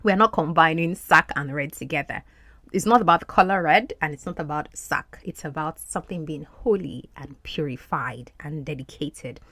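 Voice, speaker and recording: A woman's voice: sits low, moderate pace, fairly bright tone, no room sound. A woman hosting a podcast English lesson, explaining film clips and repeating words for practice. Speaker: podcast host and English teacher.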